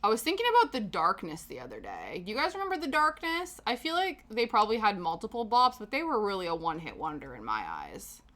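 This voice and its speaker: Bright, lively Canadian streamer woman. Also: medium pitch, fast, few pauses. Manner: chatty, self-mocking, laughs often. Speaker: livestream host. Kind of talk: casual chat while knitting.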